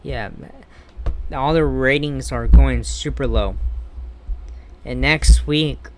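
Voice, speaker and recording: In a casual wrestling commentary vlog, a man rants bluntly and heatedly, cursing freely. His voice is smooth, resonant and a little mellow, pitched in the ordinary middle range, and he speaks slowly.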